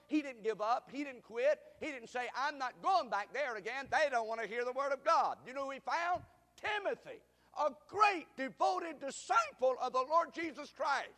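A man preaching a sermon, emphatic, drawing the congregation into call-and-response and rising to shouts. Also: high voice. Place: church sanctuary. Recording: reverberant hall.

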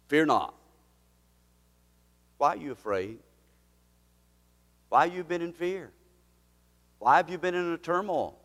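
A male pastor preaching a sermon, swinging from loud exclamations to hushed prayer and leading the congregation in call-and-response. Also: on the high side, sing-song, moderate pace, pauses often. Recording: long hall reverb.

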